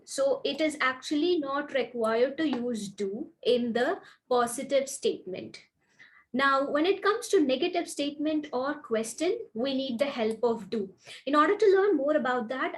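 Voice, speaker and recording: A woman with an Indian English accent, an English trainer giving an online grammar lesson and saying example sentences slowly and carefully. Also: high voice. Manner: clear, deliberate teaching with slowed example sentences.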